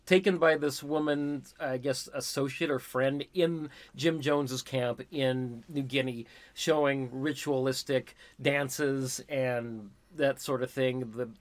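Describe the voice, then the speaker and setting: A man with an average-pitched voice who explains film plots in a loose, rambling way. He often pauses and restarts his sentences as he talks things through. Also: steady tone. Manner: rambling, hesitant. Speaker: podcast co-host. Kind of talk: casual film review chat.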